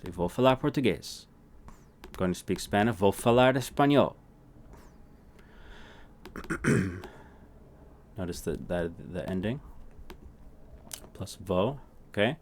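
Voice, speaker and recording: A man teaching a casual language lesson who repeats words slowly for practice and keeps checking in with "right?". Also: on the low side, expressive, slight background noise.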